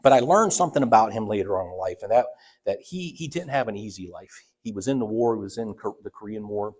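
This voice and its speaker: A man's voice: fairly low pitch, animated, fast talker, a little mellow, slightly rough. A middle-aged man from Ohio, a church elder preaching a sermon, telling personal stories in a conversational way with restarts and acted-out voices. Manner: conversational, acts out quoted voices, many restarts.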